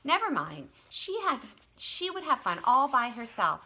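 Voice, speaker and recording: Animated woman reading a children's book. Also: mid-range voice, measured pace, hardly any pauses, a little hiss or hum. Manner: expressive, animated. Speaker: tutor reading aloud. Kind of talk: children's storybook read-aloud.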